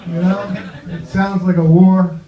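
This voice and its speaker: A man's voice: high-pitched, level tone. Rambling stand-up man in an echoey club. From New Jersey, USA. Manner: rambling, halting, full of "you know". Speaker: stand-up comedian. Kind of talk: stand-up set. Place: comedy club with live audience. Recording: echoey, muffled live club recording.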